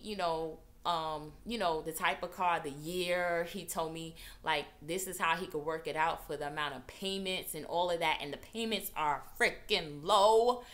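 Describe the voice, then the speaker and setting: A woman vlogger tells a story casually and with lots of animation. She acts out quotes, her pitch jumping sharply as she does.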